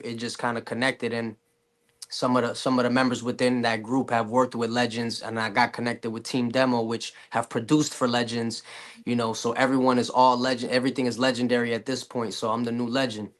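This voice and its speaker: A man's voice: mid-range voice, little pitch movement, brisk, a bit bright. A man, a rapper guest, chatting casually in an interview, loose and full of fillers. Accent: Canadian English. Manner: laid-back, loose with fillers.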